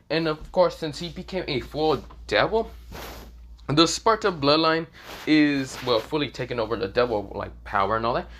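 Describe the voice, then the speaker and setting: A man's voice: mid-range voice, a bit bright. A young man improvising a fan story aloud, rambling with many fillers and self-corrections and casual swearing. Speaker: fan fiction narrator.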